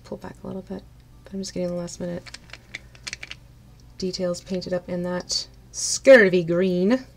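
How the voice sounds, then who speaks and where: A woman chatting casually on a live stream while she paints miniatures. She laughs often and greets her viewers brightly by name. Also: fairly low pitch, flat delivery, a little slow, creaky, pauses often.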